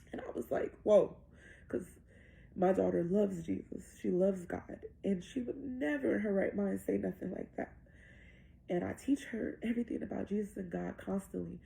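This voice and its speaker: A woman's voice: medium pitch, gravelly, dark tone. A woman, a mother, earnestly retelling a vivid dream in a breathless way and acting out the dialogue. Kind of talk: emotional personal testimony.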